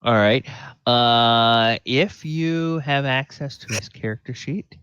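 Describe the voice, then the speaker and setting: A man running a tabletop game as game master, unhurried and thinking aloud with many fillers. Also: medium pitch, fairly bright tone, clear, resonant tone, dry recording. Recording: dull lo-fi audio.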